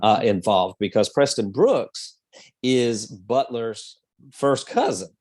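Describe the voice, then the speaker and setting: A man's voice: medium pitch, slow pace, darkish tone, no echo. A man co-hosting a history podcast, telling the story in a casual, rambling way with many fillers. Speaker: podcast co-host.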